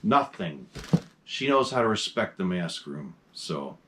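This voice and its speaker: A man's voice: low-pitched, big pitch swings, a little slow, fairly bright tone. A man hosting a horror mask collection vlog, chatting casually from a desk in his home mask room, enthusiastic and rambling with lots of fillers.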